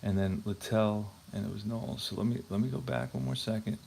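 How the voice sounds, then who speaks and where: A man's voice: on the low side, fairly even intonation, a little fast, gravelly, darkish tone, a little hiss or hum. A man hosting a tabletop baseball replay, chatting casually and thinking aloud as he checks scorebooks. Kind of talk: casual talk while playing.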